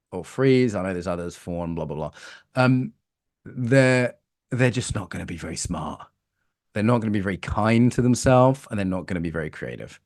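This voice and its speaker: Animated British man leading a workshop. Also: medium pitch. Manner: lively, animated, playful, asks the room questions. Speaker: embodiment coaching teacher. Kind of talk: live workshop talk to a room. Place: workshop room with a live audience.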